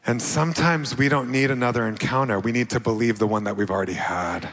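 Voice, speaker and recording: A man giving a personal testimony sermon, telling his story with his voice climbing high as he acts out his own past words. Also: quick pace, fairly bright tone. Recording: long hall reverb.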